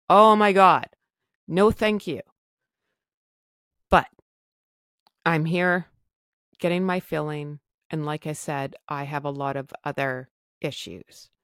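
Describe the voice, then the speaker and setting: A woman from Canada shares a personal recovery story in a candid, chatty monologue with self-deprecating asides. Her voice sits low. The recording is dry and close, with no room sound. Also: a bit bright, no echo. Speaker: podcast host.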